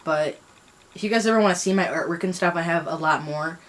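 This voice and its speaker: Young woman vlogger with a lowish voice, rambling, self-mocking, lots of fillers. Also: quick pace, a little hiss or hum. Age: young adult. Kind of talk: casual commentary on reading.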